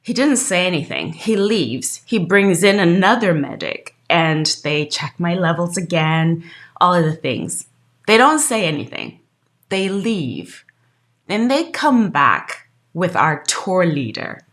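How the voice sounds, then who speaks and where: Woman, podcast host, personal story, emotional, candid, lowish voice. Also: takes it slowly. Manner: emotional, candid, animated retelling.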